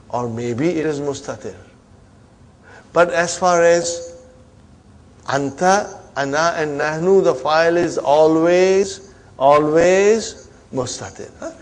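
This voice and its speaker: A man teaching an Arabic grammar class in English, drilling students with repeated questions and quick prompts, mixing in Arabic and Islamic phrases. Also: fairly high pitch, a little mellow.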